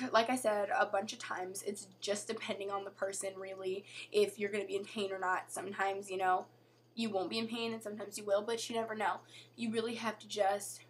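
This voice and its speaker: A young woman vlogging in a casual chat to camera, chatty and full of "like" and "you know", her voice going hoarse. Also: a little high, fairly bright tone.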